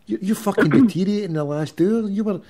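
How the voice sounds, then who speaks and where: A man's voice: high voice, fast talker, a crowd in the background. A man with a Glasgow accent hosting, teasing and swearing in casual banter with a caller. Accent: Scottish, Glasgow. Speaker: host. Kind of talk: casual chat.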